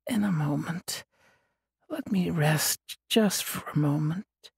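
A male narrator lifts his voice into a drowsy young witch, hurt and barely awake, her words coming in a soft half-whisper. The tone is raspy and breathy, a little higher than a plain speaking voice, and heard in a dry, close recording. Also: slow pace, no room sound, exaggerated voice. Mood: sleepy. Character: weary, injured young woman, a witch. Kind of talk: audiobook character voice.

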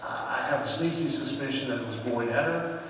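A man preaching a conversational sermon in a church sanctuary, telling personal stories earnestly and letting his phrases fall softly at the ends. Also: medium pitch, brisk, slight background noise. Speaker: pastor. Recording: echoey sanctuary with long reverb, far from the mic.

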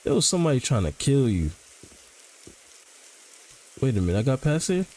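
A man's voice: medium pitch, big pitch swings, moderate pace, a little mellow, poor audio. A man casually commentating as he plays a horror game, joking in slang and reacting to what happens. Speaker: gaming channel host.

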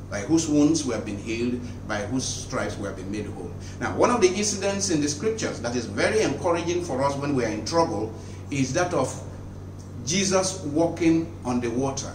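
A priest preaching an earnest, encouraging sermon and reading scripture aloud, his phrases often dropping low and soft. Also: noisy background. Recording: roomy echo, distant from the mic, guitar music behind.

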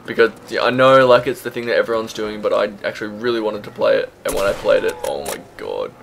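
Chatty young gaming commentator. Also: male voice, fairly low pitch, animated, fast, creaky, a bit bright, a little hiss or hum. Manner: chatty, swears freely, laughs at himself. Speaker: gaming YouTuber. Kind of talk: casual gameplay commentary.

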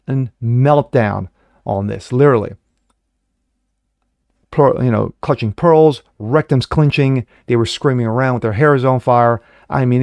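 Male commentator, mid-pitched, reads news then riffs mockingly, stumbles and corrects himself, dry booth sound. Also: creaky, a little mellow, no room sound. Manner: mocking asides, frequent fillers and self-corrections. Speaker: online political commentator. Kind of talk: reading news with personal commentary.

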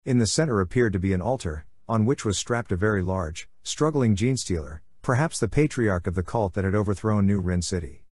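A man with a low voice reads a fan-fiction audiobook aloud. His delivery is steady and measured. The sound is dry and close, with no room around it. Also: slightly rough, dry recording. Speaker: narrator.

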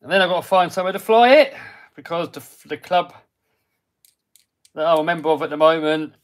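A man's voice: a little high, a little fast. A man from the UK hosting a casual livestream, talking himself through building a model truck and chatting with viewers. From United Kingdom. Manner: chatty, talks himself through each step and answers viewers. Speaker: RC hobby livestream host. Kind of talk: casual live-stream chat while building a model.

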